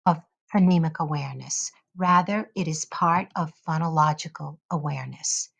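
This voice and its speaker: A woman giving an instructional lesson, carefully modeling sounds in a slow, deliberate way. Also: sits low, creaky. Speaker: teacher educator.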